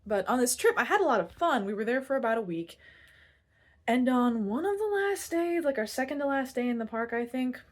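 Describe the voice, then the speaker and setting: A woman's voice: a little high, animated, fairly quick. Candid young woman telling a personal story. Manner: candid, self-deprecating, laughs now and then, rambling restarts. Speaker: vlogger.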